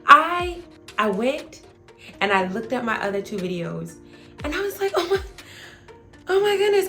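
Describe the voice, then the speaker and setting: A woman vlogger and spiritual advisor chatting casually to camera in a playful, animated way, speaking. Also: fairly high pitch. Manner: animated, playful, talks straight to viewers with "y'all".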